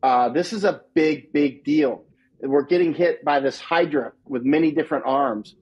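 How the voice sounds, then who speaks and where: A husky man with a somewhat high voice talks as a guest in a casual interview. He is emphatic and repeats himself, and he often laughs at his own lines. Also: moderate pace, a little mellow, muffled recording. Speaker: war correspondent guest.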